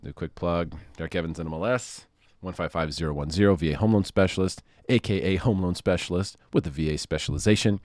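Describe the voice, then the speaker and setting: A man, a mortgage loan officer giving casual market commentary in an animated, sarcastic way, repeating phrases for emphasis. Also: sits low, fast, no room sound, studio quality.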